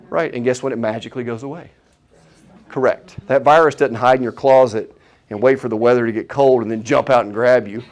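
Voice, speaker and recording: Animated man lecturing on health. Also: medium pitch. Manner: animated, opinionated, asks the audience questions. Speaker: chiropractor giving a health talk. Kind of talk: live seminar talk to an audience.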